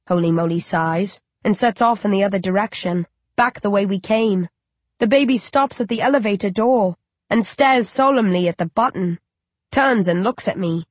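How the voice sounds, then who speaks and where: A woman narrating an audiobook in first person, in a measured, reflective storytelling manner, close to the mic. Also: mid-range voice, dry recording.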